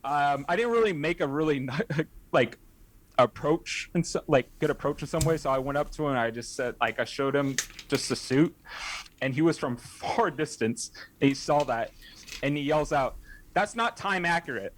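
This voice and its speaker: A man's voice: a little high, normal speed, a little hiss or hum. A young man, a podcast guest, telling a casual story in a rambling way, full of restarts and self-corrections. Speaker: podcast guest, haunt scare actor.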